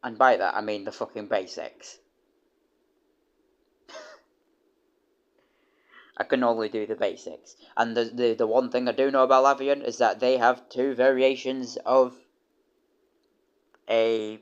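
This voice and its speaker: A man's voice: mid-range voice, steady tone, measured pace, pauses often. A young British man streaming, chatting casually and rambling with many restarts and casual swearing. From United Kingdom. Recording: dull lo-fi stream audio.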